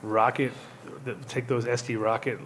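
A man's voice: mid-range voice, flat delivery, moderate pace, background noise. A man from Rhode Island hosting a casual podcast chat, rambling through stories, swearing and acting out quotes. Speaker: podcast host.

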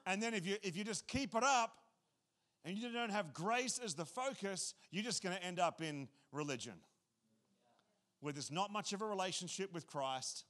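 High-voiced male pastor, lively and joking, casual sermon delivery. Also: moderate pace. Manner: animated, casual and joking, repeats phrases.

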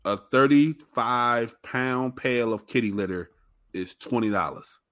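A man's voice: medium pitch, a little slow, fairly bright tone. A man co-hosting a podcast in casual chat, laid-back and teasing, happy to play devil's advocate. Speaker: podcast co-host.

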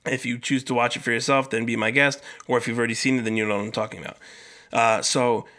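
A young man hosting his own podcast, telling a story in a casual, animated way, swearing freely and acting out the people he talks about. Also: medium pitch, fast. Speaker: podcast host.

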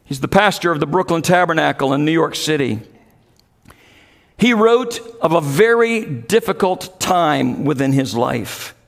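A pastor preaching an earnest sermon that builds in intensity. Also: male voice, fairly high pitch, animated, unhurried, vocal fry, in a large hall.

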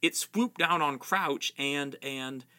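A man's voice: fairly high pitch, slow pace, sharp tone. A man voicing a furious older female professor of magic from a novel. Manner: fuming, strained.

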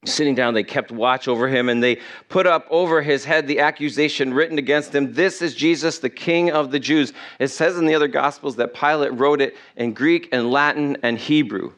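A man's voice: mid-range voice, a little fast, few pauses, a bit bright. A man preaching a sermon to his church in a conversational way, asking his listeners questions. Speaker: pastor.

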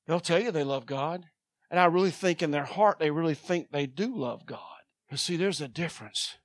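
A woman preaching a sermon with fervor, swinging between loud shouts and quiet asides. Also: low voice, normal speed, no room sound.

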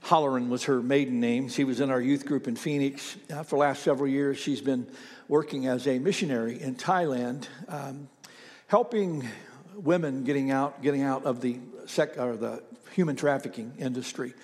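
Pastor preaching in an echoing hall. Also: male voice, medium pitch, normal speed. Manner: conversational storytelling, with hesitant fillers. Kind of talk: sermon.

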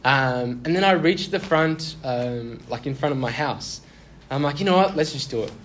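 A man's voice: medium pitch, lively intonation, moderate pace, fairly bright tone, slight background noise. A young man telling a personal story in a casual sermon, chatty and self-deprecating. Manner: chatty, self-deprecating, laughs through awkward moments.

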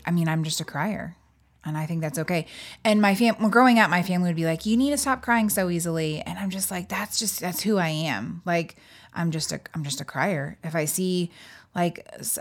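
A woman's voice: low voice, normal speed. Chatty self-deprecating young woman. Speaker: podcast co-host. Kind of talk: casual chat.

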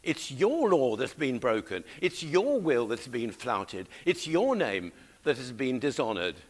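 A man's voice: medium pitch, big pitch swings, unhurried. A man voicing a repentant king, pleading fervently for mercy in prayer.

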